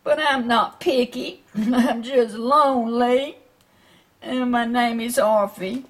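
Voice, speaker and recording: A woman voicing a lonely male stray dog who reads out his own letter in a slow, pleading way. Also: fairly high pitch, fairly even intonation.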